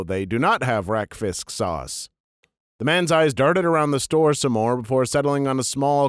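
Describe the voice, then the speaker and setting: A man's voice: medium pitch, no room sound, clean studio sound. A man narrating a string of internet stories in a matter-of-fact reading voice. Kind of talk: scripted story narration.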